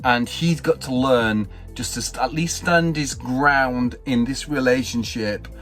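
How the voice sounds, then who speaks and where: A man's voice: medium pitch, a bit bright, faint music behind. A middle-aged man vlogging, telling a story in a rambling, exasperated way. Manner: rambling, exasperated, quick asides. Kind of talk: casual vlog storytelling.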